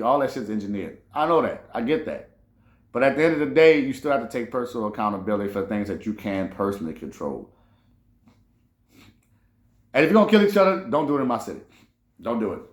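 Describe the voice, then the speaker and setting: A man's voice: medium pitch, roomy sound. A man hosting a casual commentary monologue, swearing freely and rambling through restarts. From New Orleans. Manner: animated, profane, rambling with restarts. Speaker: host.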